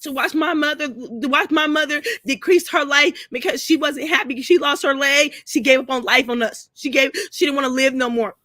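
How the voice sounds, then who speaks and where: A woman's voice: high-pitched, steady tone, normal speed, hardly any pauses, pushed and bright, dry recording, clean studio sound. A crying woman pouring out a profane, repetitive rant to her camera, speaking. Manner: tearful, repeating herself, profane. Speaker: vlogger. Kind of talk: emotional personal rant to camera.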